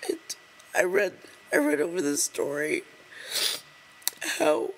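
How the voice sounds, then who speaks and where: A woman reading an open letter aloud to the camera while crying, halting and breaking off to apologize. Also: lowish voice, very animated, creaky, a little hiss or hum, poor audio. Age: adult over 20. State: crying, tearful. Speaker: vlogger.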